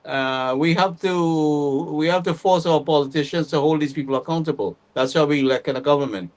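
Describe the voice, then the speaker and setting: A man hosting a show, giving deliberate, indignant commentary and often repeating words as he goes. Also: fairly high pitch. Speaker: show host. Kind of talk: commentary on current affairs.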